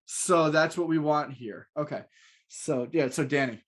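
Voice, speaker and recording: A man co-hosting a podcast reads stage directions from a script and chats in a crude, joking manner, laughing often. His voice is fairly high and unhurried, recorded on a podcast mic.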